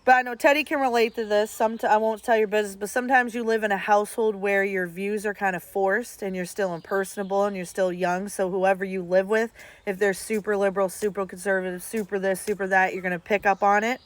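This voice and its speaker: A woman's voice: mid-range voice, fairly even intonation, fast, few pauses, dry recording. A woman, chatting casually and bluntly to her viewers as a streamer, swearing freely. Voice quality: blunt and profane, talks straight at viewers. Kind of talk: casual chat.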